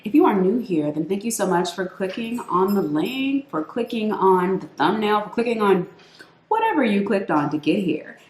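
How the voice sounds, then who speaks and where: A woman's voice: mid-range voice, animated, normal speed, a little mellow, roomy sound, a little hiss or hum. A woman beauty vlogger chatting playfully through a makeup routine, calling her viewers sis. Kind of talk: casual makeup tutorial chat.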